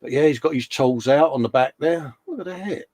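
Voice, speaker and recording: A man's voice: a little high, lively intonation, a little fast, darkish tone, no echo. A man hosting a casual model-building chat, joking in slang and putting on silly voices. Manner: jokey banter, slang, puts on funny voices. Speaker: host. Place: hobby workshop bench.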